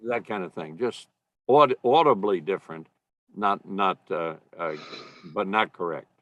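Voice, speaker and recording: A man who works as an audiobook narrator, talking as a guest in a podcast interview in a halting way, with many restarts and fillers. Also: low-pitched, dry recording, dull audio.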